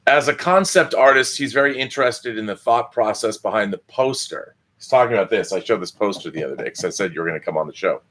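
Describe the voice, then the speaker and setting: A man's voice: lowish voice, animated, quick pace, hardly any pauses, a bit bright. A man hosting a live video chat, asking a guest questions and reading out viewer comments. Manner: conversational, reads viewer comments. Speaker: host.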